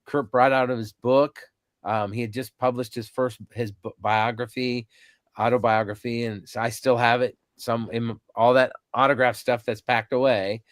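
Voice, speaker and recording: A man in his fifties tells stories as a podcast guest, animated and full of ums and restarts. His voice sits at a middle pitch. It sounds close and dry, with no room around it. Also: normal speed, no echo. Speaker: podcast guest, convention organizer. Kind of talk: casual storytelling interview.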